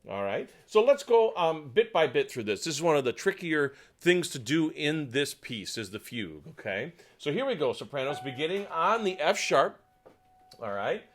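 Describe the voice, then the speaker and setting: A man working as a choir conductor, coaching a section through a piece, counting in and singing parts, sometimes in falsetto. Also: big pitch swings, moderate pace, rough recording. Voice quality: sings in falsetto. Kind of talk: choral coaching lesson.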